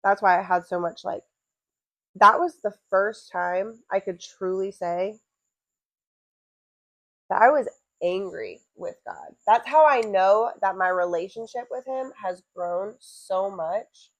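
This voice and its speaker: A young woman co-hosting a podcast, telling stories with animated energy and frequent swearing. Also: medium pitch, slow, no echo, rough recording. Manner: animated storytelling, often swearing and laughing. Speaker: podcast co-host, fighter's wife. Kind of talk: casual chat.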